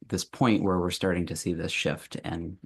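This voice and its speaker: A man's voice: low voice, flat delivery, moderate pace, husky. A man speaking as a guest on a panel discussion, thoughtful, with many hesitant fillers.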